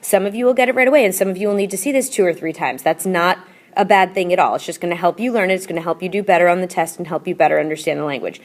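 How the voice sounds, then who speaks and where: A woman's voice: fairly low pitch, racing. A woman teacher in a recorded classroom video lesson, explaining patiently and repeating drills and chants. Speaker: Spanish teacher.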